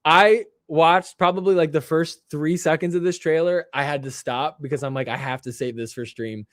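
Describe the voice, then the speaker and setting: A young man hosting a live stream, joking and excitable as he reacts to clips and laughs often. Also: fairly high pitch, normal speed, no room sound. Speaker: livestream show host. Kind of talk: casual live-stream commentary.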